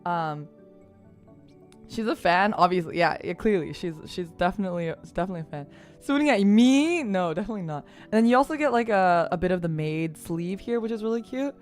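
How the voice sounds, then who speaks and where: A woman streamer telling a story in casual chat, animated and laughing often, with lots of "like" and fillers. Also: on the low side, brisk, faint music behind.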